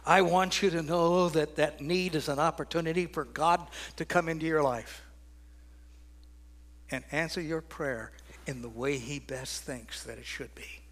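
An older man preaching a sermon, swinging from loud, ringing declarations down to hushed, almost whispered lines. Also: a little high, fairly even intonation, measured pace.

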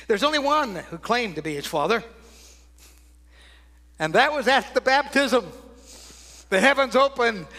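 An older man preaching a sermon with a high voice that rings out bright and forceful on the big lines. He then drops to hushed, near-whispered phrases for emphasis, with wide swings in loudness. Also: animated, moderate pace.

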